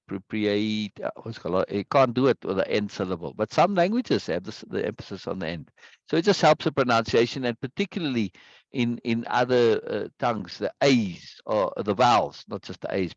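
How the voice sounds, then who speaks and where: A man's voice: medium pitch, expressive, fairly quick, dry recording, lo-fi sound. A man teaching a class over a video call, explaining patiently, drawing out words to stress syllables and often checking in with "right?". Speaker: teacher leading a book discussion. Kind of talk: online class discussion.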